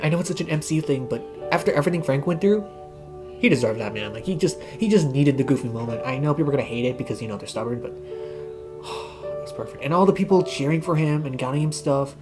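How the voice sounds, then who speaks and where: A young man giving a casual, emotional movie review, gushing excitedly and tearing up as he talks. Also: on the high side, a little fast, music in the background. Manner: excited, gushing, tearful, says bro. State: crying.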